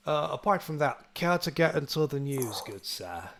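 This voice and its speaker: A young man from the UK hosting a podcast in casual chat, talking in quick bursts with many restarts. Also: a little high, sing-song, creaky, fairly bright tone. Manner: chatty, stumbling restarts, laughs easily. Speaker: podcast host.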